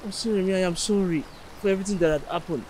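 A man's voice: high voice, very fast, a little mellow, slight background noise, lightly acted, poor audio. A man with a Nigerian accent in a film drama, speaking apologetically. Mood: pleading. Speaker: friend.

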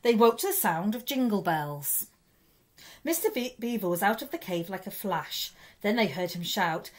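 A woman, a primary school teacher, reading a children's story aloud in an expressive, lively way. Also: medium pitch, unhurried.

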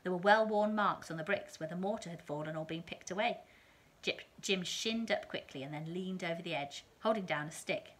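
A woman reading a children's novel aloud in a calm, steady storytelling manner. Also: on the low side, a little fast, few pauses.

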